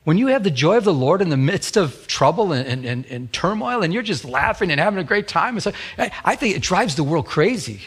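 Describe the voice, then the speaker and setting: A man's voice: sits high, sing-song, brisk, hardly any pauses, a bit bright, slightly rough. A middle-aged man, a pastor, preaching a sermon with a fervent, repetitive cadence.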